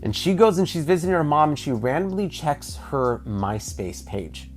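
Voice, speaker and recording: A man telling a creepy personal story in a casual, animated way, with some swearing. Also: on the high side, normal speed, soft background music.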